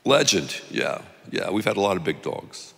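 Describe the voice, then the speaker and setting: Animated pastor in a reverberant hall. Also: male voice, low voice, normal speed, creaky. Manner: animated, jokey, acts out voices. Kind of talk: sermon with storytelling.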